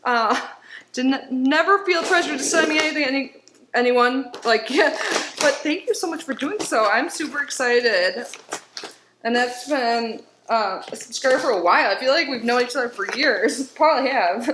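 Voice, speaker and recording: A middle-aged woman hosting a casual unboxing video, gushing and excitable, often gasping and laughing at each item from her desk at home. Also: high-pitched, normal speed. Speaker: YouTube unboxing channel host. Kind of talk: casual unboxing chat to camera. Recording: roomy home room with faint noise.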